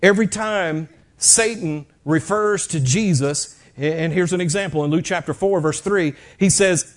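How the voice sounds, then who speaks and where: A man preaching a sermon in a church, telling the story in an animated, dramatic way with sudden drops and rises in loudness. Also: high voice, measured pace. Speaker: pastor.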